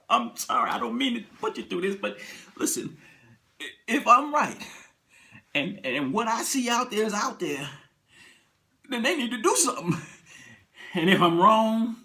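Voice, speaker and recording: A man's voice: high voice, sing-song, measured pace, creaky, pauses often, exaggerated voice. A man voicing a panicked male airline passenger who pleads and cries out in terror, in a retold story. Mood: pleading. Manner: frantic, pleading, bursting into loud cries.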